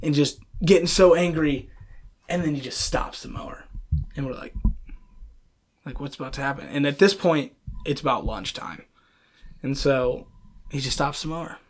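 A young man with a fairly high voice tells work stories in a relaxed podcast chat. He is animated and rambling, and his sentences are full of fillers. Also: a little slow, pauses often, slight background noise. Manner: animated storyteller, many fillers like "like" and "um". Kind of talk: casual storytelling chat.

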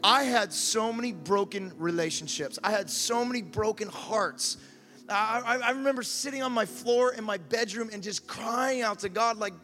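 A man preaching a sermon with passion, building to shouts and stumbling over repeated words. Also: high voice, moderate pace, in a large hall.

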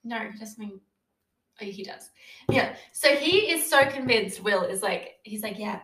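A woman's voice: mid-range voice, expressive, unhurried, a bit bright. A young woman in casual chat, recapping a TV show with lots of "like" and acted-out quotes, swearing freely. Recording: echoey room.

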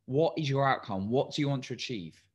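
A man's voice: mid-range voice, fairly quick, slightly rough. A man coaching listeners in a motivational solo talk, tired, encouraging and asking many direct questions. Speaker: coach and podcast host.

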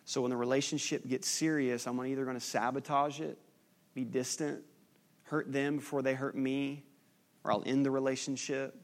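A man preaching a sermon as pastor, lively and teasing with his congregation. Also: medium pitch, normal speed.

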